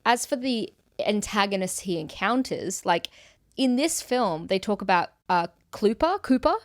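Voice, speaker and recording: Lively questioning woman on dry mic. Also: medium pitch, a little slow, no room sound. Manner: curious, asks many questions, incredulous. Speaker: podcast co-host. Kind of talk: casual film podcast chat.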